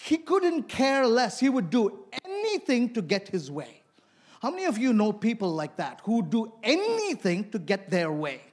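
A man's voice: high-pitched, very animated, normal speed, darkish tone. A man from India preaching a sermon, telling stories and asking the congregation questions.

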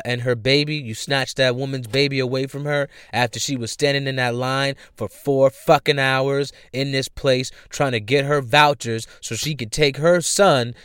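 Fired-up man ranting, smooth voice. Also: medium pitch, a bit bright, no room sound, studio quality. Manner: profane, heated, repeats himself for emphasis. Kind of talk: ranting commentary.

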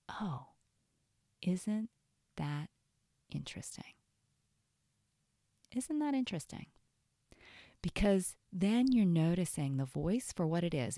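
A woman's voice: sits low, vocal fry, dark tone, no echo, clean studio sound. A woman coach giving an earnest teaching talk on self-care, often asking "right?".

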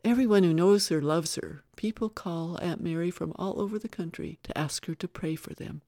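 A woman's voice: on the low side, normal speed, warm tone, dry recording, clean studio sound, lightly acted. A woman narrator voicing a wary young woman recovering from an accident, speaking earnestly and anxiously. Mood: fond.

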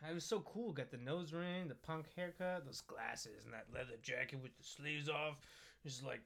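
High, bright-voiced joking male podcaster. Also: normal speed, gravelly. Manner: riffs on silly wordplay. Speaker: podcast co-host. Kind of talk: casual comedic banter.

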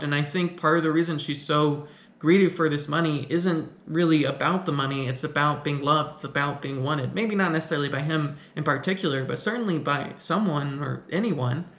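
Man, casual film commentator, somewhat high voice, loose rambling delivery, echoey room. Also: fairly bright tone. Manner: conversational, rambling, with frequent restarts. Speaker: film reviewer.

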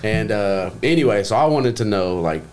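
A man's voice: on the low side, animated, moderate pace, a little mellow, soft background music. Rambling young man swapping stories. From Grand Prairie, Texas. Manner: rambling storyteller, swears freely, acts out quotes. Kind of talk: casual chat.

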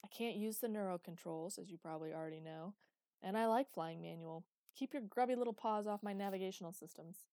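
A woman's voice: fairly high pitch, moderate pace, mellow, no room sound, studio quality, voice pushed up, close to an everyday voice. A woman reading the part of a cocky young male pilot who talks in a breezy, sarcastic way. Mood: flippant.

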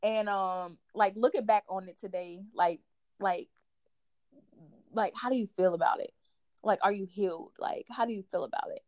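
A young adult woman hosting a casual chat, telling stories in an animated way with plenty of "like". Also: medium pitch, normal speed, no room sound. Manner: animated storyteller, fills talk with "like". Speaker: podcast host.

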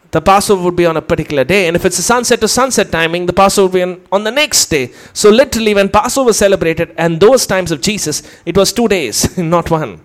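High-voiced man preaching a sermon. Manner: explains step by step, asks the listeners questions. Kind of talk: sermon, teaching.

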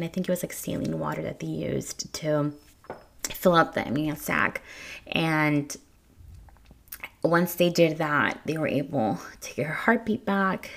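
Here the new mother's voice is deep and gravelly. Speaking straight to her viewers, she candidly recounts giving birth in a relaxed way, tripping over repeated words when emotional and occasionally near tears.

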